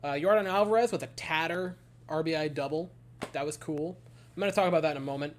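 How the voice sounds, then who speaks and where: A man giving a casual baseball game recap, ranting in an exasperated, animated way. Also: fairly high pitch, quick pace, slight background noise. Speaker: baseball fan commentator.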